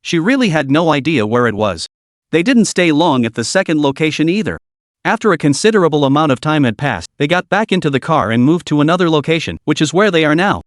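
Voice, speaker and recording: A man giving scripted story narration as a recap narrator, reading at a steady, even pace. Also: fairly high pitch, quick pace, dry recording, studio quality.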